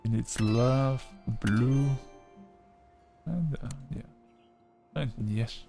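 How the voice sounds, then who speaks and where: A man's voice: medium pitch, very slow, creaky, warm tone, faint music behind. A man giving casual let's-play commentary, chatting and reading game dialogue aloud. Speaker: gaming video creator.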